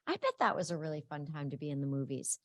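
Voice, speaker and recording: A woman with a low voice co-hosts a webinar. She chats playfully over a video call. The sound is dry and close to the mic. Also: big pitch swings, fast talker, no room sound. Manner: chatty and playful, teasing her colleague. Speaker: webinar co-host. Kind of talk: casual chat opening a webinar.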